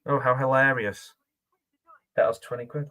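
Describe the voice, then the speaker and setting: A man talks through a film in a loose, rambling reaction commentary, often laughing and questioning himself. His voice sits at a middling pitch with a bright, forceful edge. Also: steady tone, normal speed. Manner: chatty and rambling, with frequent laughs and self-questioning asides.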